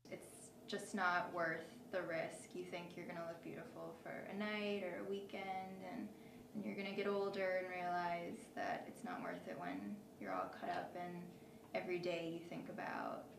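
A young woman speaks earnestly in a low, gravelly voice. She is recorded from a distance, with an echoey room and clear background noise. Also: normal speed. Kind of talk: interview answer.

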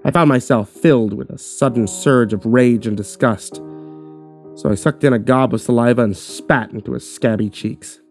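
A man's voice: mid-range voice, fairly even intonation, moderate pace, darkish tone, soft background music. Give me a man narrating a horror story. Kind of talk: scripted narration.

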